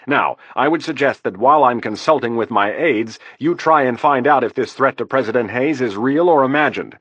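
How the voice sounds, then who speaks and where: A testy, defensive politician in high office, as a man puts him on for an audiobook. His voice climbs higher and sharper when pressed. The recording is dry and close. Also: very animated, normal speed, a bit bright, dry recording. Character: defensive, irritable male vice president, middle-aged.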